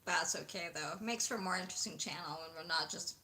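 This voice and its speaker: A woman's voice: on the low side, quick pace, background noise. A woman co-hosting a live stream in casual chat, giggly and chatty.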